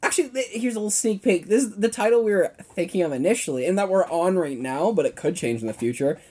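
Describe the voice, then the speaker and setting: A man's voice: high-pitched, animated, quick pace, warm tone. A young man co-hosting a podcast, chatting casually and telling rambling, playful stories with acted-out dialogue. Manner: rambling, playful storyteller, acts out quoted dialogue. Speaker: podcast co-host. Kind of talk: casual chat.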